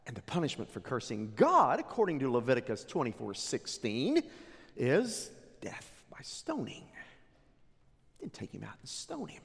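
A man preaching a sermon, retelling a scripture story with animated, dramatic delivery. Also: medium pitch, normal speed, gravelly, breathy edge. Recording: echoey hall reverb.

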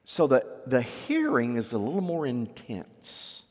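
Animated preacher in a reverberant hall. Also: male voice, medium pitch, a little slow, hardly any pauses. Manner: lively, rising to loud emphatic readings then dropping to quiet asides; asks the congregation questions. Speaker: pastor. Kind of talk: sermon.

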